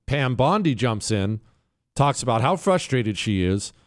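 A man's voice: mid-range voice, sing-song, unhurried. Ranting male talk radio host. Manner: emphatic, ranting, mocking; mimics others in whiny quotes. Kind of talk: opinion monologue.

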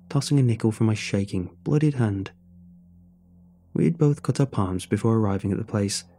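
A man's voice: fairly low pitch, dark tone, slight background noise. A man narrating a first-person horror story in a scripted storytelling style.

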